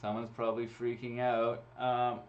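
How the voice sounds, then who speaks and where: The raffle host's mid-range voice is completely flat and moves at normal speed, though he chats casually and laughs while talking through each live draw on a computer mic. It's a livestream with dull lo-fi audio.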